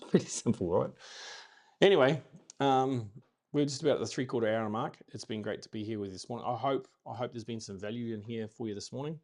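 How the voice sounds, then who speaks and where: A man's voice: medium pitch, fairly quick, a little mellow. A man from New Zealand with a New Zealand accent, hosting a casual motivational live stream, upbeat and rambling, repeating his key phrases. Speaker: host of a daily live stream.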